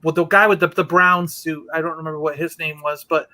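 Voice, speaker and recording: High bright-voiced man telling a story. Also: a little fast. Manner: animated storyteller, acting out quotes. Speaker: podcast co-host. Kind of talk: casual chat.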